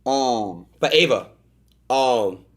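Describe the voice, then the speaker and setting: A man hosting a live stream, talking in a casual, excitable way that stammers and repeats words. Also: medium pitch, drawn-out words, a little hiss or hum. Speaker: streamer host.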